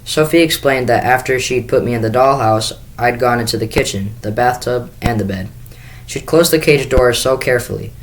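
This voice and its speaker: A man's voice: medium pitch, normal speed, a little hiss or hum, poor audio. A man reading a children's book aloud in first person, with the occasional small restart. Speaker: school staff reader.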